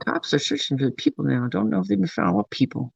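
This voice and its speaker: A man's voice: on the high side, lively intonation, fast talker, gravelly, slightly rough, no room sound. A man chatting casually on a livestream, telling long rambling stories and swearing freely. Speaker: streamer. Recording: dull lo-fi dry sound.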